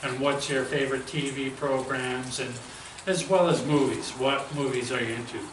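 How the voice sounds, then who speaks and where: A man's voice: mid-range voice, fairly even intonation, normal speed. A man hosting an interview, asking long rambling questions padded with fillers. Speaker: interview host. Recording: echoey, distant mic with faint noise.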